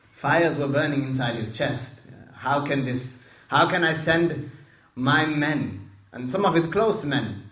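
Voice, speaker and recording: A man with a fairly high voice retells a religious story to listeners. He repeats himself for emphasis, stops to explain Arabic words and puts questions to the room. The room gives his voice a roomy echo. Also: fairly bright tone.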